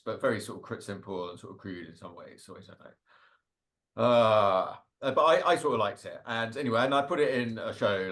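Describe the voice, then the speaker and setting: A man with a somewhat low, slightly bright voice, a cartoonist appearing as a guest speaker, rambles casually about his drawings over slides. His talk is packed with fillers and small laughs.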